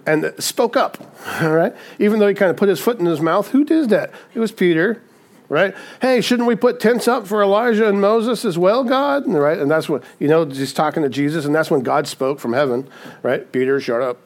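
Male pastor, sermon delivery, slightly raised pitch, conversational with acted quotes. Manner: acts out quoted voices, frequent "right?".

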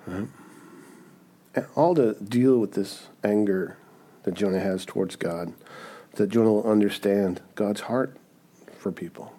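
Guy preaching, animated, chatty, says "right?" a lot. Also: lowish voice, measured pace, pauses often, husky. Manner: animated, asks "right?" often, acts out scenes. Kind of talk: sermon.

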